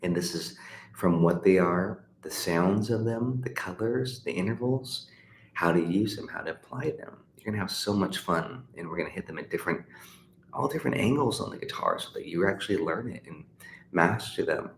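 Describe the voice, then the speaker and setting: Giving a guitar lesson over livestream, a middle-aged man talks at a normal pace in a low voice with lively intonation. He's chatty and encouraging, full of fillers and restarts, and the echoey room carries faint background noise.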